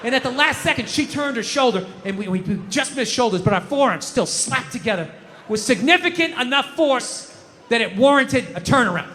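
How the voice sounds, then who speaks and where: Stand-up comic, middle-aged man, sharp forceful rants, reverberant hall with audience laughter. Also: extremely high pitch, animated, fairly quick, a little hiss or hum. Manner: ranting, exasperated, profane. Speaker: stand-up comedian. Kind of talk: stand-up comedy set. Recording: live stage mic in a large hall.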